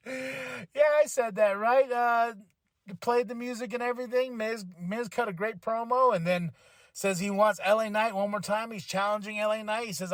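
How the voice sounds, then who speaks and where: A man's voice: sits high, moderate pace, dry recording, clean studio sound. A tired man hosting a podcast, giving a casual, rambling recap and laughing often as he paraphrases what people said. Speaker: podcast host.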